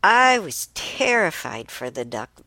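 Woman, low voice, slow pace, casual storytelling, dry close sound. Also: sing-song, bright, forceful tone, dry recording. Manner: unhurried, chatty, with many restarts and fillers. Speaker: host.

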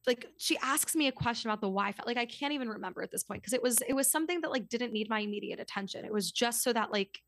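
Young woman, podcast guest, casual storytelling, higher voice, dry close sound. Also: fast talker, few pauses, dry recording. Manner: chatty, lots of "like", animated retelling.

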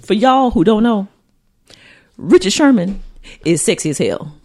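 A woman co-hosting a casual chat show, playful and animated, repeating lines for emphasis. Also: mid-range voice, a little slow. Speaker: podcast co-host.

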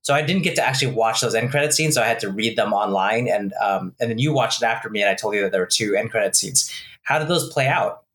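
A man's voice: fairly low pitch, expressive, fast talker, a bit bright. A man in casual conversation about movies, chatty and hesitant, asking his co-host questions. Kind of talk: casual chat.

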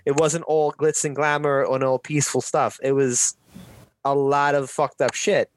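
A man's voice: mid-range voice, level tone, unhurried, slight background noise. A man in a casual podcast chat over a video call, rambling with lots of restarts and swearing freely.

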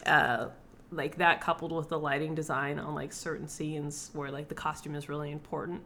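A woman's voice: low voice, little pitch movement, normal speed, sharp tone, a little hiss or hum. A young woman co-hosting a podcast in casual chat, rambling with lots of filler words and casual swearing. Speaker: podcast co-host.

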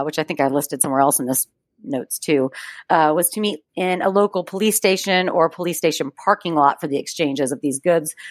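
A woman with a somewhat low voice reads a true-crime story aloud for a podcast. She keeps it casual, dropping in chatty asides and laughing between facts. The close mic gives a dry sound with almost no room. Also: dry recording. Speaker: podcast co-host.

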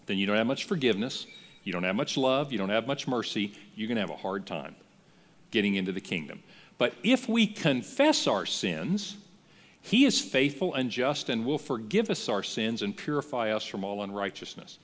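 A man preaching a sermon as a pastor, in a conversational, lively style that acts out the voices he quotes. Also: fairly low pitch, moderate pace, big-room sound. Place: church.

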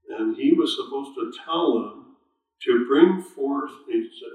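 A man of middling pitch leads a relaxed Bible study, talking through scripture in an easy, conversational way. He keeps stopping to quiz his listeners and gives the verses heavy stress as he reads them. His voice comes from some distance off the mic and rings through a very reverberant room. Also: a little slow. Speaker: Bible teacher. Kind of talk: informal Bible study sermon. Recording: very echoey room, voice far from mic.

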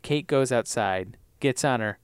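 A man's voice: mid-range voice, unhurried, clean tone, dry recording, studio quality. A man co-hosting a podcast, chatting casually as he recaps TV episodes, laughing often and acting out lines. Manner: animated, laughs often, acts out characters' lines. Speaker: podcast co-host.

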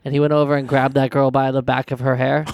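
A man's voice: mid-range voice, little pitch movement, quick pace, gravelly, a little mellow, no room sound. A man on a podcast, telling a school story in a blunt, plain way. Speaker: podcast co-host. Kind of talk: casual storytelling chat.

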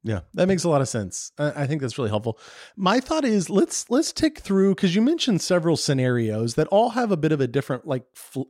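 A man's voice: a little high, huge pitch swings, a little fast, darkish tone, dry recording, clean studio sound. A man hosting a podcast, casually summing up points and asking questions. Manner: casual, lots of fillers, summarizing and asking questions. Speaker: podcast host. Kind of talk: conversational podcast interview.

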